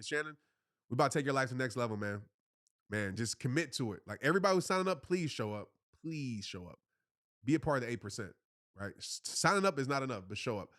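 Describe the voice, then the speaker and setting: A man's voice: mid-range voice, fairly bright tone, dry recording, studio quality. A man in his thirties, a motivational speaker giving earnest, casual answers to viewers on a live stream, repeating his points and calling them y'all.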